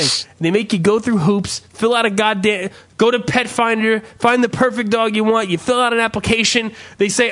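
A man's voice: sits high, normal speed, a bit bright. A man hosting a casual podcast, ranting profanely and telling stories with sarcastic asides. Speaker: podcast host. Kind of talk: profane comedic rant.

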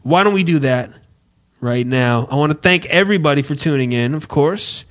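A man hosting a podcast, ranting in an animated, profane way and reading off show plugs. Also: fairly high pitch, normal speed, music in the background. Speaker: podcast host. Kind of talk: casual podcast chat.

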